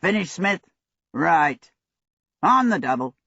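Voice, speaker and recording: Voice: medium pitch, big pitch swings, slow pace, gravelly, bright, forceful tone, slightly rough, no echo, heavily acted. A narrator voicing a harsh squad leader who barks clipped orders. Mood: harsh barking. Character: gruff soldier squad leader, curt and harsh. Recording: dull lo-fi audio.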